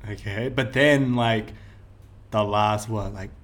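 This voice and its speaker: A man's voice: fairly low pitch, slow. A young man, chatting casually and telling stories with many fillers. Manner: rambling storytelling full of fillers. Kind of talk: casual chat.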